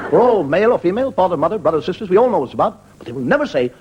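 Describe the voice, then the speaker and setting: A man's voice: high voice, sing-song, racing, hardly any pauses, highs cut off, a little hiss or hum. A man doing a stand-up monologue for a live audience, telling stories in a wry, conversational way. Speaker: stand-up comedian. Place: stage before a live audience. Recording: loud live audience laughter.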